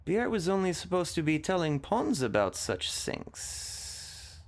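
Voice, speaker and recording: A man's voice: a little high, sing-song, takes it slowly, voice pushed up, heavily acted. A man doing a haughty French queen. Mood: suspicious. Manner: curt, suspicious, impatient. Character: haughty queen of a secret order, woman.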